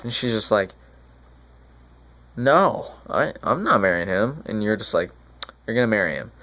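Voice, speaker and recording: A man playing a remorseful friar who retells a tragedy in casual modern slang, rambling and halting with restarts in a school monologue. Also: lowish voice, big pitch swings, pushed and bright, heavily acted. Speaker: student actor.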